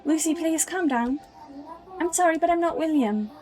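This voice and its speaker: A woman voicing a gentle young woman who apologizes and soothes a caller, over faint music. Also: high voice, normal speed, pitched above the performer's own voice. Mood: apologetic. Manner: soft, apologetic, calming.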